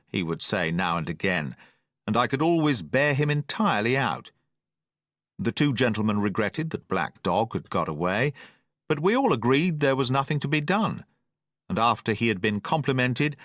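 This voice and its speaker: A man narrating a classic adventure novel as an audiobook, in a steady, expressive storytelling manner. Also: fairly low pitch, moderate pace, no room sound, clean studio sound.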